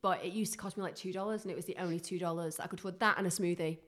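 A woman's voice: lowish voice, steady tone, very fast, fairly bright tone. A woman telling stories in an eager, casual chat, full of "like" fillers. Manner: chatty, enthusiastic storyteller with many "like" fillers.

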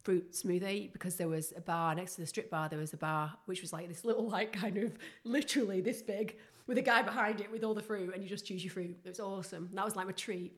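A woman chatting quickly and eagerly, stringing her stories together with lots of "like" fillers. Her pitch sits in the middle range, and she keeps up a brisk pace. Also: fairly even intonation. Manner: chatty, enthusiastic storyteller with many "like" fillers. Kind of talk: casual chat.

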